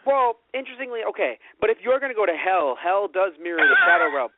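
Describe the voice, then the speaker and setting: A man co-hosting a podcast, chatting casually with animated, rambling delivery and plenty of swearing. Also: sits high, quick pace, heavy background noise. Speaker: podcast co-host. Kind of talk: casual chat. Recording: phone-like lo-fi audio.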